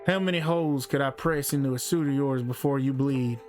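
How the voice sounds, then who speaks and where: A man voicing a scarred male gunman in his forties who makes slow, theatrical threats. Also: medium pitch, darkish tone, soft background music, lightly acted. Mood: menacing.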